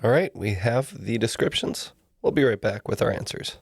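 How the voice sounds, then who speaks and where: A man competing on a trivia podcast, talking in an easygoing, halting way. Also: lowish voice, expressive, vocal fry. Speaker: quiz contestant. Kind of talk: casual podcast banter.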